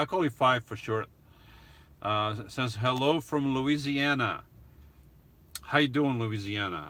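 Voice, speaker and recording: A man chats on a relaxed live stream, reading viewers' comments aloud and answering them. He talks slowly and haltingly, circling back with restarts, and his voice has a bright, forward edge. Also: medium pitch. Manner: slow, halting, with many restarts and chuckles. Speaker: vlogger answering live chat questions. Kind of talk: casual live-stream chat.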